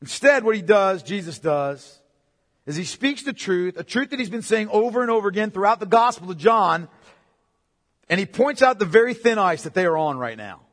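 A man preaching an expository sermon, emphatic and repetitive, swinging from loud declarations to hushed asides. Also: high voice, expressive, moderate pace, long reverb tail. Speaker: pastor.

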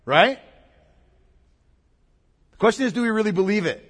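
Male pastor, high and lively, emphatic sermon delivery, husky edge, reverberant sanctuary. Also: moderate pace. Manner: emphatic, repeats key words, asks the congregation questions. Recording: long reverb of a large hall.

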